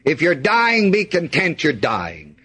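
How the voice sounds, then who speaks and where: A man's voice: on the high side, huge pitch swings, slow pace, pushed and bright, husky. A man preaching a sermon, reading scripture aloud and asking the congregation to fill in the missing words.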